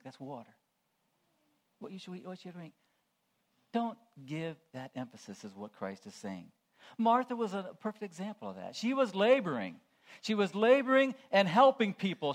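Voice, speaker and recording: A male preacher delivering a sermon in a high, animated voice. His pitch leaps around a lot. He drops into hushed, low asides, then rises into loud, ringing calls.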